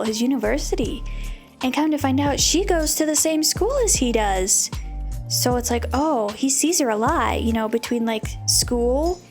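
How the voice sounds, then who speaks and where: A woman's voice: on the high side, a little mellow. A woman VTuber giving a bubbly, chatty recap of an anime, full of "you know" and giggles. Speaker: VTuber host.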